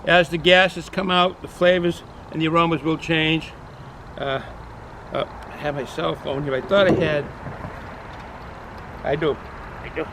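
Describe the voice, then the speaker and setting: A man's voice: on the high side, flat delivery, measured pace, long pauses, noisy background. Rambling Boston man reviewing beer outdoors. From New England, US. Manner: rambling, chatty, repeats himself with frequent fillers. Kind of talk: casual beer review vlog. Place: outdoors in cold weather.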